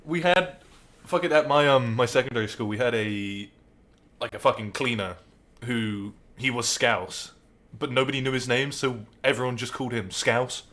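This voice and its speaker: A man's voice: medium pitch, moderate pace, a bit bright, a little hiss or hum. A young man from Southwest England, a podcast guest in casual chat, laughing often and swearing heavily.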